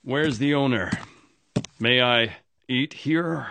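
An actor voicing a weary, humble ex-convict in a storybook, speaking in a hesitant, halting way. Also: male voice, mid-range voice, creaky, bright, forceful tone, full character voice. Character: weary, humble ex-convict man, middle-aged. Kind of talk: storybook voice acting.

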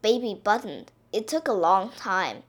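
A woman reading a children's picture book aloud in an expressive, drawn-out way. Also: mid-range voice.

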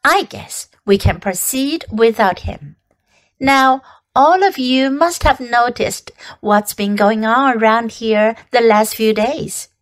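A woman voicing a wise, bossy female spider who runs a barn meeting in a storybook reading. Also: fairly high pitch. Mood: matter-of-fact. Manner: brisk, orderly, a little impatient.

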